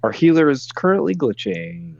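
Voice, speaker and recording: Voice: medium pitch, very animated, moderate pace, creaky, lo-fi sound, crowd noise. A player in a tabletop game who jokes and stammers. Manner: stammering, joking. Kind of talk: casual tabletop play.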